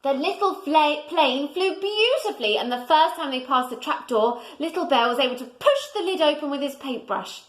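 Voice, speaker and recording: A woman reading a children's storybook aloud in a gentle way, pointing out the pictures to young listeners. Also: sits high, lively intonation, moderate pace, hardly any pauses, low-quality recording.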